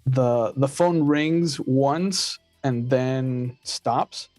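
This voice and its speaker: A man narrating as game master of a tabletop game, slow and halting with frequent filler sounds. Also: mid-range voice, darkish tone, no room sound, soft background music.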